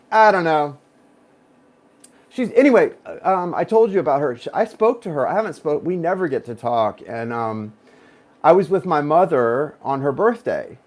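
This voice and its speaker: A man's voice: a little high, lively intonation, moderate pace, a little mellow. A man in his thirties, a tarot reader, talking casually and at length to his viewers, drifting off on personal tangents and addressing them directly. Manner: rambling, digressive, talks straight to viewers. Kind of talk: casual chatty reading to viewers.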